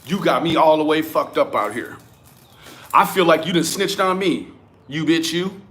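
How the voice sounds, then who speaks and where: Man, high-pitched voice, profane rant, animated, talks to viewers. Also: normal speed. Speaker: commentary vlogger. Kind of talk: profane ranting commentary.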